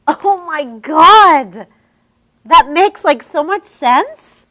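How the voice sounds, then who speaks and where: A woman's voice: mid-range voice, a little fast, fairly bright tone, natural voice. A woman acts out an eager, insecure young student who hangs on her teacher's every word. She gushes and tends to turn her plain statements into questions. This is a stage scene played on a talk show. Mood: gushing. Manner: gushing, upward-inflected statements. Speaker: actress.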